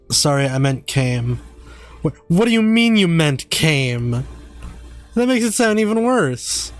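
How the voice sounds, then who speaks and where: An American man live-streaming a game, chatting casually, swearing freely and reading chat messages aloud. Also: on the high side.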